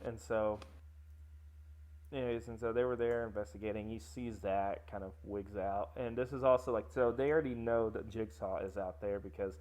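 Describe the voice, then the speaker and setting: A man's voice: lowish voice, fairly even intonation, darkish tone. A man co-hosting a podcast, recapping a film in casual chat with lots of fillers and restarts. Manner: rambling, filler-heavy, quick to laugh. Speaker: podcast co-host.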